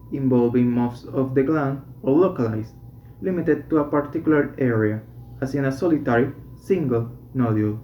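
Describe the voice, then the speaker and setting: A man reading medical English textbook passages and exercises aloud, slowly and deliberately, stopping to correct himself. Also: medium pitch, a little hiss or hum. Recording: dull echoey room recording.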